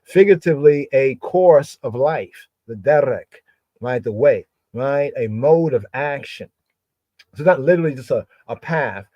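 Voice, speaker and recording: A man's voice: medium pitch, animated, a little slow, mellow, dry recording, muffled recording. A man teaching a live scripture study, repeating words over and over and drawing them out.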